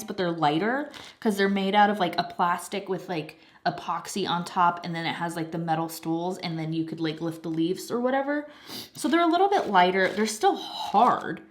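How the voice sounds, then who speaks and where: A young adult woman chatting casually while she works on a craft, telling a story in an animated way with laughs and the odd swear, a little snuffly from a cold. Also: mid-range voice, slight background noise. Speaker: craft channel host. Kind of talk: casual chat while diamond painting.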